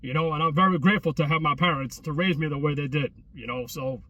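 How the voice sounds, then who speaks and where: A man's voice: on the high side, fairly even intonation, fast talker, sharp tone, distant mic, highs cut off. A man, vlogging outdoors at a closed restaurant in a rambling, slang-heavy way with many restarts. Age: 30s. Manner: repetitive, full of restarts and street slang. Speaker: travel vlogger. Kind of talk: rambling casual chat.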